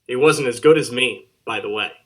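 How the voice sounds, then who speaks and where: A man's voice: mid-range voice, moderate pace, fairly bright tone, close to an everyday voice. A man acting an earnest, wistful young soldier reading a letter home in a theatre monologue. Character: young soldier, homesick and out of place. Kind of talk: theatre monologue over video call.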